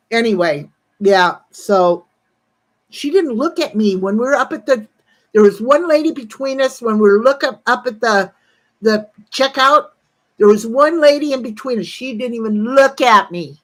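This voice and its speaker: A woman in her sixties on a casual livestream tells a rambling, profane story, breaking off to greet viewers in the chat. Her voice is on the high side with a fairly bright tone.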